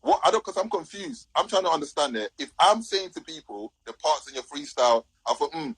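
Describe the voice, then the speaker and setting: A man's voice: on the high side, very animated, fairly quick, slightly rough, dry recording, poor audio. A man arguing on a live stream video call, demanding answers and cutting in with repeated questions. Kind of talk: heated live stream argument.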